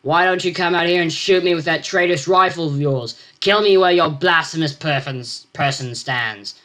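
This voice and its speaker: A teenage boy voicing a brash young soldier who loudly taunts a traitor. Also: medium pitch, lively intonation, a little slow. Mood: taunting.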